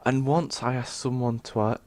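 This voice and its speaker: A man's voice: medium pitch, fairly even intonation, normal speed, a little mellow. A man co-hosting a podcast, telling rambling, grumbling stories in a casual chat. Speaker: podcast co-host.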